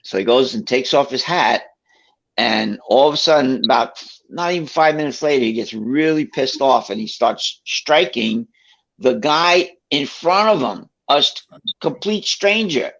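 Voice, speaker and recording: A man's voice: mid-range voice, expressive, measured pace, creaky, a bit bright. A middle-aged man, telling his own story in a rambling, casual way with many fillers and restarts. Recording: dull lo-fi recording.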